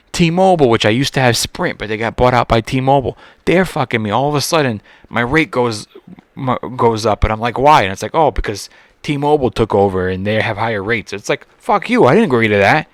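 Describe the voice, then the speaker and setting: Guy ranting on his solo podcast, swears a ton, keeps restarting, middle pitch, dry close sound. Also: fairly bright tone, dry recording. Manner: profane, exasperated ranting with frequent restarts. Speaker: comedian podcast host.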